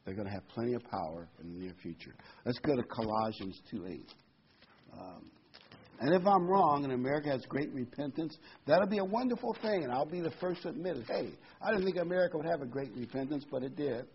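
A middle-aged man preaching a prophecy sermon, reading scripture and repeating phrases for emphasis, his loudness rising and falling. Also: medium pitch, animated, brisk, a little hiss or hum. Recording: dull lo-fi sermon recording.

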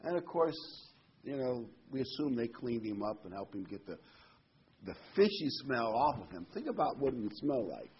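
A man's voice: medium pitch, big pitch swings, moderate pace, a little hiss or hum. Casual, chatty male preacher. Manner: conversational and digressive, reads scripture aloud. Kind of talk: informal Bible teaching. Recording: dull lo-fi recording.

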